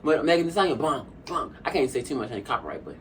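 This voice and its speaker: A woman's voice: very deep voice, animated, rapid-fire. A young woman vlogger chatting casually while eating, sassy and talkative, often calling the viewer honey. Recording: a bit distant from the mic, faint room hum.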